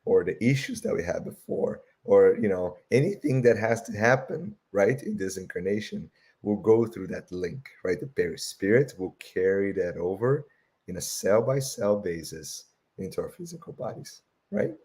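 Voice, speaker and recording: A man giving a lecture with slides, tagging "right?" onto almost every phrase, with a voice that is going and frequent throat-clearing. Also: lowish voice, animated, moderate pace, darkish tone. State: losing his voice, clears throat often.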